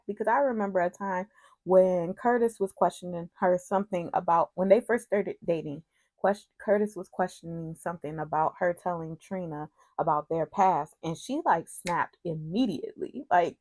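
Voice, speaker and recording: A woman's voice: mid-range voice, darkish tone, no room sound. A woman casually recapping a soap opera's week, chatty and digressive with asides.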